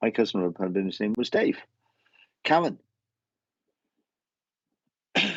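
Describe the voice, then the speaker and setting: A man giving a live mediumship reading, talking in halting, repetitive bursts full of restarts, on slightly dull lo-fi audio. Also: fairly low pitch, big pitch swings, dry recording. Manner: halting, repetitive, with many restarts and self-corrections.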